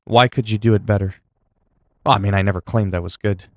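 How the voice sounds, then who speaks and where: Low-voiced, opinionated gamer man. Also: steady tone, brisk, a little mellow, no room sound, clean studio sound. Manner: opinionated, swears casually, rambling. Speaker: livestreamer. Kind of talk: casual chat while gaming.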